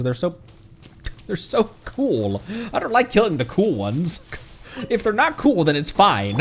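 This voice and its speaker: A man's voice: fairly high pitch, wildly swooping pitch, a little slow, slightly rough. A man casually commenting on a game he is playing, in a joking, playful way. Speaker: streamer.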